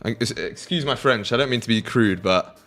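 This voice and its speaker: A young British man chats casually with his livestream audience while trading, cracking jokes and swearing freely. His voice sits at an ordinary pitch for a man. Faint music plays underneath. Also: normal speed, a bit bright. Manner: banters with chat, swears freely, laughs often. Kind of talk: casual livestream chat with viewers.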